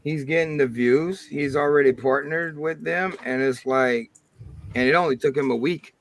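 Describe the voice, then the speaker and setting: A man's voice: fairly high pitch, moderate pace, slight background noise. A man with a Cajun accent hosting a livestream, chatting casually and rambling with crude jokes. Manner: rambling, joking, crude humor. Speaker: livestream host.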